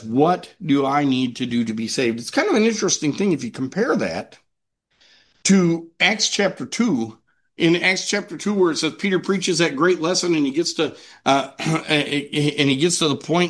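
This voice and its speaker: A man preaching a sermon to a congregation, earnest, asking and answering his own questions and slowing down to read scripture aloud. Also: on the high side, fairly bright tone. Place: church meeting room with a congregation.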